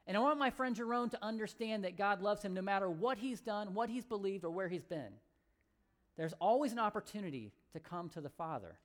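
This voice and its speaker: A woman pastor giving a sermon as animated, conversational storytelling. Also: medium pitch.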